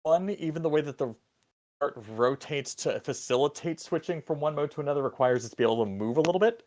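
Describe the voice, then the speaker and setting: A man's voice: on the high side, fast, background noise. Rambling man running a tabletop game. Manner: casual, rambling with many "like"s. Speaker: game master.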